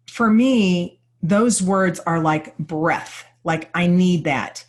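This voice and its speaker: A woman presents a live workshop in a slightly lower-pitched voice. She is earnest and openly personal with her listeners, and she explains her points through everyday examples. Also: takes it slowly. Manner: uses many everyday examples. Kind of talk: live workshop talk to an audience.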